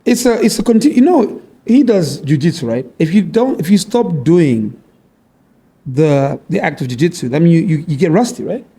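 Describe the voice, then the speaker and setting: A man's voice: fairly high pitch, big pitch swings, mellow, breathy edge. A middle-aged man, a comedian guest on a podcast, joking playfully in casual chat. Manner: playful, jokey, quick to laugh.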